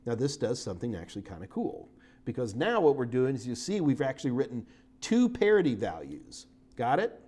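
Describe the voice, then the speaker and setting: A man's voice: medium pitch, huge pitch swings, fairly quick, mellow, slightly rough. A middle-aged man giving a live-streamed technical lecture as an IT certification instructor, casual and joking as he talks through his slides.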